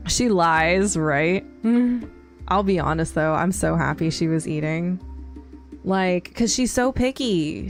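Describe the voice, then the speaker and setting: A woman streamer chatting casually with her live chat, rambling with lots of fillers. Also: fairly low pitch. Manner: rambling, many fillers and laughs.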